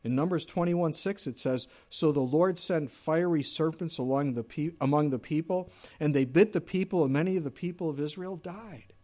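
A man's voice: a little high, normal speed, hardly any pauses, dark tone. A middle-aged man preaching a sermon in a conversational way, now and then acting out whiny complaints in a raised voice. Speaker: pastor.

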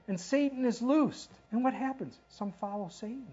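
Husky woman preaching a sermon. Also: a little high, moderate pace, hardly any pauses, dark tone. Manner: conversational, rhetorical questions, reads scripture aloud. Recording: dull lo-fi recording.

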